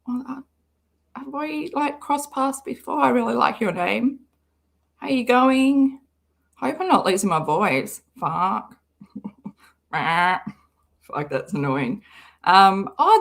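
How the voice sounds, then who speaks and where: Young woman, live stream host, unhurried and chatty, swears freely. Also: a little high, creaky, a bit bright. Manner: swears often, chatty, greets viewers by name. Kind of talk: casual live stream chat. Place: car.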